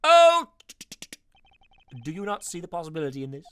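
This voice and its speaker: A man voicing a composed, logical male prosecutor for a fan voice-over of a game, speaking in a measured way. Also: high voice, wildly swooping pitch, a bit bright, clear, resonant tone, dry recording, exaggerated voice. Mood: reasoning. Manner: measured, deliberate reasoning.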